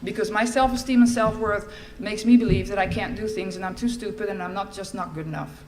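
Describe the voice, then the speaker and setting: A woman's voice: mid-range voice, steady tone, a little fast, over a noisy crowd. Candid woman telling her story. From Netherlands. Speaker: recovery meeting speaker. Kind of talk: personal recovery testimony.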